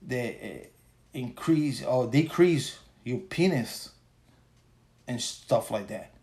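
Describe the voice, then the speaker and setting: The speaker is a solo podcaster in his forties, exhausted after work, delivering a profane, crude, meandering casual rant. His medium-pitched voice is animated yet slow, with a slightly mellow quality.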